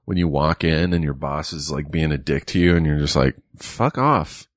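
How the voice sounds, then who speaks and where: Middle-aged male co-host, low voice, dry close sound, profane animated storyteller. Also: a little fast, no room sound. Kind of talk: casual chat.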